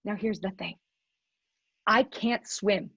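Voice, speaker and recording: Husky-voiced woman telling a lively story. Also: medium pitch, slow pace, no room sound, lo-fi sound. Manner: animated, laughs often while telling the story. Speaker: motivational speaker. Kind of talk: storytelling keynote talk.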